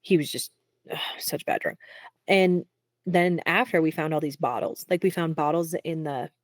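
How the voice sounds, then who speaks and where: Candid low-voiced woman songwriter. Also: no room sound, clean studio sound. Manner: frequent "like" fillers, quick laughs. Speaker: singer-songwriter guest. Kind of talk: candid casual interview.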